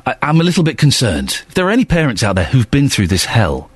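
A man's voice: medium pitch, huge pitch swings, fast, husky, no room sound. A man hosting a radio show, bantering playfully and mocking himself. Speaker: radio host. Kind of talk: casual radio chat.

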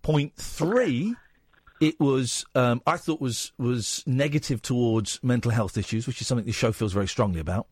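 A man hosting a phone-in radio show, sarcastic and interrupting, who shouts when riled. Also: mid-range voice, moderate pace, breathy edge, dry recording, studio quality.

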